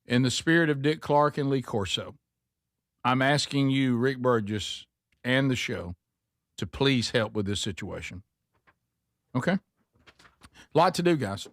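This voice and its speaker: A man's voice: mid-range voice, expressive, measured pace, pauses often, dry recording, clean studio sound. A man hosting a radio talk show, reading a listener's email aloud and tossing wry asides to his co-hosts.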